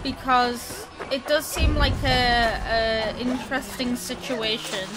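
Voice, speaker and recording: A woman's voice: fairly high pitch, steady tone, slow. Giggly young woman griping over gameplay. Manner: exasperated, giggly asides. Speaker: gameplay streamer. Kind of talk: casual let's play commentary.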